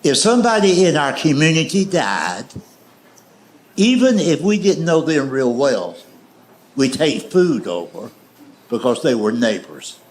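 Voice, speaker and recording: A man's voice: medium pitch, sing-song, unhurried. A man with a Southern US accent telling folksy, wry stand-up stories. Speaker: stand-up comedian. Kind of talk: stand-up storytelling. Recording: echoey live show with faint noise.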